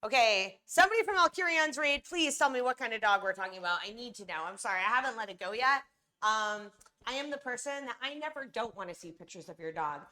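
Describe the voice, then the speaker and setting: A woman's voice: a little high, animated, fast, pushed and bright. A young woman from California chatting casually and rambling to her viewers on a live stream while she bakes.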